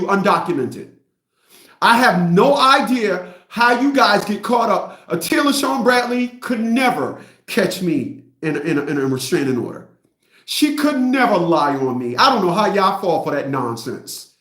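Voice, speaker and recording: A man's voice: high-pitched, a bit bright, roomy sound. A middle-aged man hosting a livestream rant, blunt and mocking, repeating himself. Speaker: host.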